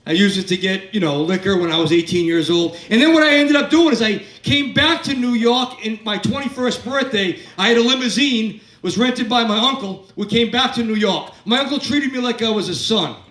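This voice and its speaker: A high-pitched man in his fifties tells crude, wandering stories on a comedy club stage and jokes with the audience. His voice comes from a distance and rings around an echoey room. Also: a little fast, few pauses, a bit bright. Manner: crude, rambling storytelling with crowd work. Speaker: stand-up comedian. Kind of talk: stand-up set.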